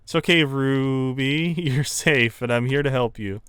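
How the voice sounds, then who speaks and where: A gentle young woman, played by a man talks in a smooth, calm tone. She soothes and reassures in an even, kindly way. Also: mid-range voice, unhurried, no echo, clean studio sound, close to an everyday voice. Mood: soothing.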